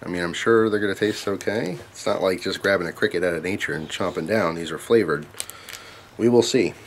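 Low-voiced young guy tasting bugs on a tripod cam, chatty and wry, faint hiss behind. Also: a little fast. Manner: chatty, wry, talks to his dog between bites. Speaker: vlogger. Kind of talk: casual vlog, tasting food on camera. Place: indoors at home, camera on tripod.

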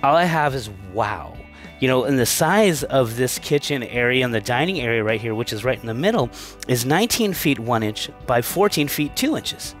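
Upbeat male home-tour host, chatty and excitable, mid-pitched, faint music underneath. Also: moderate pace. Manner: enthusiastic, upbeat, chatty with filler restarts. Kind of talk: casual walkthrough narration. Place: inside a manufactured home at a show.

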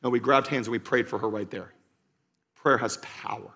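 Standing on a church stage before a live congregation, a pastor with a medium-pitched voice preaches a sermon. He stresses his points by repeating key lines, alternating loud urging with slow, quiet emphasis.

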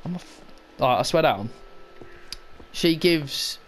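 A man's voice: a little high, animated, unhurried, a bit bright, a little hiss or hum. Sweary sarcastic young man gaming. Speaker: gaming YouTuber. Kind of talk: let's play commentary.

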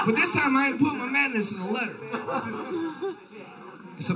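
A man's voice: extremely high pitch, expressive, unhurried, pauses often, recorded from a distance, heavy background noise. A young man doing a rambling, profane stand-up set in a comedy bar. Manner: profane, loose, rambling delivery. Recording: live bar set with crowd laughter.

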